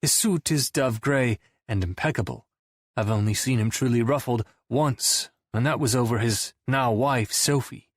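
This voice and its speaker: A man narrating a first-person audiobook in a wry, deadpan manner. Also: mid-range voice, normal speed, no echo, studio quality.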